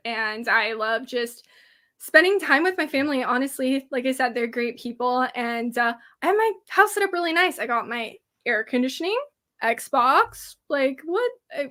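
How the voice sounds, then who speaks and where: A woman's voice: sits high, bright, forceful tone. A woman in her twenties, a guest chatting casually in a bubbly, giggly way with lots of "like". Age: 20s. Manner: bubbly, giggly, heavy use of "like". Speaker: guest, paranormal radio host. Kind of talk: casual chat.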